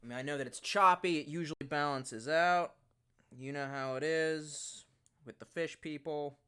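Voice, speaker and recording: A man's voice: mid-range voice, sharp tone, smooth. A young man hosting a casual livestream in a rambling, profane, exasperated way, talking into a headset. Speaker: livestream host. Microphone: bluetooth headset.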